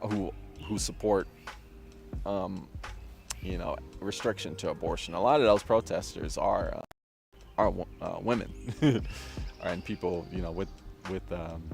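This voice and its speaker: A man with a low, gravelly voice talks through a casual discussion outdoors, stumbling over fillers and restarting his sentences. He laughs often between thoughts. Faint music sits under the recording. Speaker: discussion host. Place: outdoors, drizzling.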